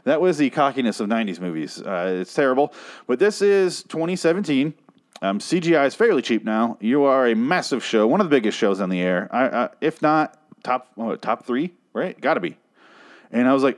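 A man in the middle of an angry, sarcastic review of a TV episode, swearing freely. He mocks the characters with quick put-on voices in a mid-pitched voice. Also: animated. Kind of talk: profane ranting review.

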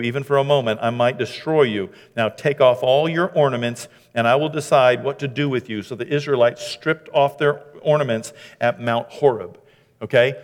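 Man, pastor, casual sermon, dramatizes quotes, fairly high voice, echoing hall. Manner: conversational preaching, dramatizes quoted speech. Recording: hall reverb.

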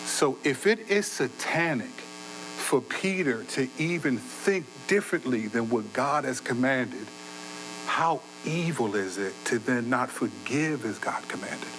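A man preaching a sermon in a conversational way, his voice swinging between loud bursts and quiet, low asides. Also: expressive, measured pace, a little hiss or hum, rough recording. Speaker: pastor.

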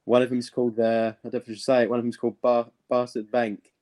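A man's voice: mid-range voice, level tone, fast, mellow, no room sound. A man, a gardener, chatting on a video call in an easygoing, plain-spoken way and often repeating himself. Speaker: guest gardener. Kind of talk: casual chat.

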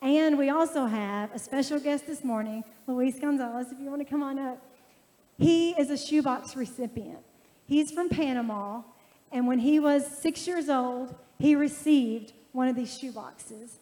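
A woman's high, mellow voice introduces a guest speaker and then prays with fervent, heartfelt repetition. The church's long reverb rings under her words. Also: measured pace. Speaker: regional ministry director. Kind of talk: church announcement and prayer. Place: church sanctuary.

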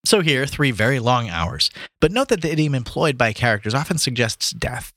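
A man's voice: mid-range voice, a little fast, no echo. A man reading a story aloud on a podcast, putting on voices for the characters and stumbling now and then before explaining the notes in a casual way. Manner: reads aloud with lively put-on voices for characters, stumbling over words. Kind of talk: casual reading and chat about a book.

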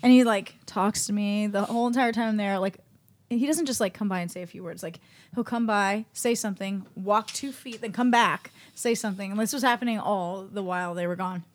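A woman telling a lively story in a casual chat with friends, laughing mid-sentence and cussing casually. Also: mid-range voice, a little fast.

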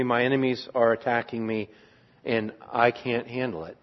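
A man preaching an earnest, reflective sermon on a psalm as a pastor, trailing off softly at times. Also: mid-range voice, steady tone, normal speed. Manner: earnest, reflective, with restarts and soft trailing endings. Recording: dull lo-fi sound.

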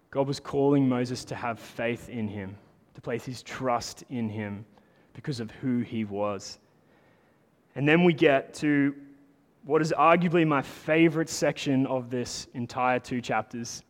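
A man preaching a sermon in a casual, animated way, talking to the congregation like friends. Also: medium pitch, unhurried. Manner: conversational, animated preaching with lots of "like". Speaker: pastor. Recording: long hall reverb.

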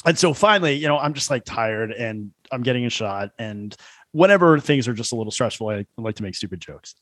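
A man's voice: medium pitch, lively intonation, a little fast, a bit bright, no echo. A man in his thirties chats casually as a podcast guest. He rambles through his stories, stuffing them with filler words. The recording is close and dry with no room sound. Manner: rambling storyteller, heavy on "like" fillers, laughs at own jokes. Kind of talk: casual chat.

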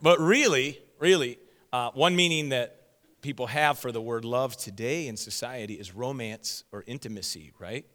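A man's voice: mid-range voice, moderate pace, pushed and bright, in a large hall. A man preaching a sermon to a congregation, joking with them and laughing at himself as he teaches. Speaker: pastor. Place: church sanctuary.

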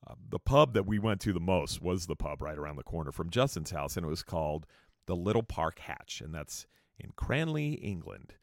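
A man's voice: low-pitched, very animated, moderate pace, creaky, no echo, studio quality. An American man telling a travel story in a loose, profane, rambling way, breaking off into rants. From United States. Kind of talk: casual storytelling.

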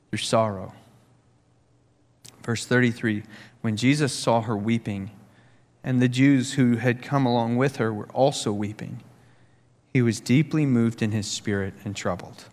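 Pastor guy preaching, earnest, gets fired up telling stories, big echoey hall. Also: mid-range voice. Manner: earnest, with rhetorical questions, growing animated in stories. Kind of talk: sermon. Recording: long hall reverb.

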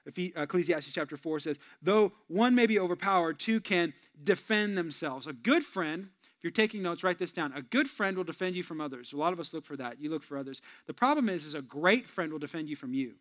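A male pastor preaching a sermon, telling stories with lively shifts between loud punchlines and hushed, earnest asides. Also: on the high side, brisk, hardly any pauses.

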